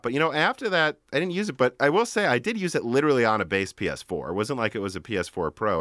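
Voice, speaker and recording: Bright-voiced man in casual tech chat. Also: mid-range voice, dry recording, clean studio sound. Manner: rambling, animated, laughs often. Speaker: podcast co-host.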